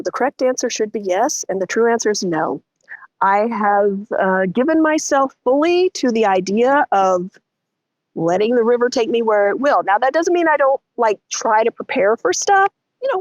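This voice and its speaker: A middle-aged woman, telling a story as a guest in an interview, animated and vivid. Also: no room sound. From Texas. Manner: animated, vivid storytelling with lots of pitch swings.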